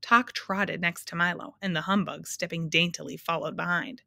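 A woman narrating a storybook aloud in a measured, expressive way. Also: fairly low pitch, creaky, dry recording, studio quality.

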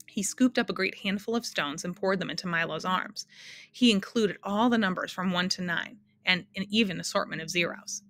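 A woman narrating a storybook aloud in a measured, expressive way. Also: on the low side.

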